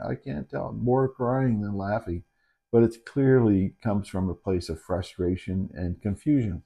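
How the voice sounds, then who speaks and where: A middle-aged man, a dementia caregiver, talking candidly and haltingly in a reflective personal video, with many restarts. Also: lowish voice, warm tone. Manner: earnest and candid. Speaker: dementia caregiver and channel host. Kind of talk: reflective personal talk to camera.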